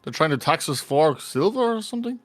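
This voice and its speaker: A man's voice: a little high, very animated, a little fast, dry recording. Guy at a tabletop game, unsure and chatty, music in the back. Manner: hesitant, laughing, fillers. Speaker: player. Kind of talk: casual game chat.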